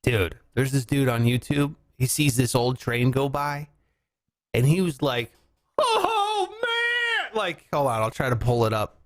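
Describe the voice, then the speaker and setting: A man hosting a podcast, riffing in casual comic chat, rambling and breaking into shouts for bits. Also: medium pitch, steady tone, moderate pace. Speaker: podcast host.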